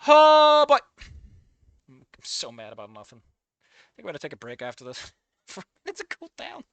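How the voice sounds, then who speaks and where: A woman casually reacting to a fanfic, exasperated and swearing freely, yelling at the characters, laughing often and trailing off into low mutters. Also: wildly swooping pitch, normal speed, no room sound, dull audio. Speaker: fanfic reader and commentator.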